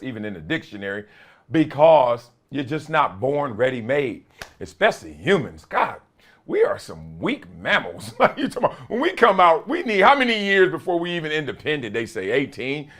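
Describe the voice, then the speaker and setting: A man's voice: medium pitch, a bit bright. A man in his late forties hosting his own talk show in casual commentary, laughing often and using folksy slang. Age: late 40s. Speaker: host.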